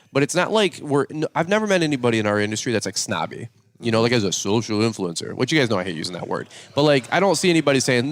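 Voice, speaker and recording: A man's voice: mid-range voice, very animated, quick pace, no room sound. A man hosting a casual podcast chat, rambling with many fillers and restarts. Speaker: podcast host and lawn care content creator.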